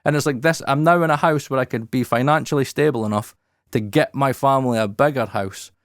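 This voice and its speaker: A man, hosting a podcast in casual talk, candid and animated with plenty of swearing, in his studio. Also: medium pitch, brisk, no room sound. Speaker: podcast host.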